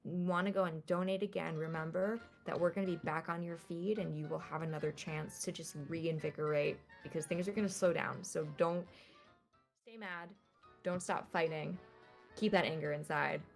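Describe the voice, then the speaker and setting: A woman's voice: on the low side, fairly even intonation, moderate pace, creaky, soft background music. A woman player giving a chatty, earnest sign-off about her streams and a charity drive, ending with a rallying call. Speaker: guest player. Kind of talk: casual sign-off plug.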